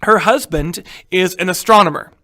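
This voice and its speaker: A man's voice: sits high, moderate pace, pushed and bright. A man teaching a recorded history lecture in a casual way, with many fillers and frequent check-ins with students.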